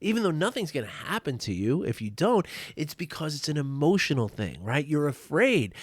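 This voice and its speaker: A man's voice: on the high side, sing-song, moderate pace, few pauses, no room sound, studio quality. A man talking as a life coach in a casual, chatty monologue, often drifting off topic and checking in with the listener. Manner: chatty and digressive, keeps asking "right?". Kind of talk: casual solo podcast monologue.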